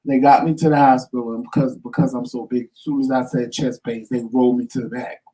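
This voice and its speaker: Talk show co-host, male, animated storyteller, mellow voice recorded a little off-mic. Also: medium pitch, fast. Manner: animated, dramatic storyteller acting out quotes. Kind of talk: casual storytelling chat. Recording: voice somewhat distant from mic.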